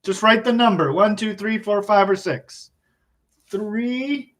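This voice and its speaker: A male English teacher giving an online class, explaining slowly and patiently and chuckling often. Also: high voice, fairly bright tone.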